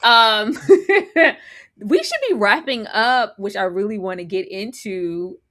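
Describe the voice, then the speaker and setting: A woman co-hosting a casual live TV recap, animated and laughing often as she acts out her reactions. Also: medium pitch, takes it slowly. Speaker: co-host.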